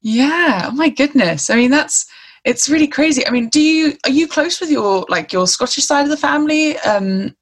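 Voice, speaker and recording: A woman's voice: high-pitched, lively intonation, moderate pace. Chatty young woman asking questions. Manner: curious questioner, laughs easily, chatty with "like" fillers. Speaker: interviewer. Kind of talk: casual conversation.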